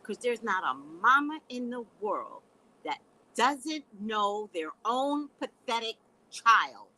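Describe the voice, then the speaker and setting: This psychic reader is a middle-aged woman running a laid-back live stream, where she's sassy, blunt, and quick to laugh while addressing her audience as "guys." Her voice sits fairly high and swings widely in pitch, moving slowly with a pushed, bright quality. It's a low-quality recording.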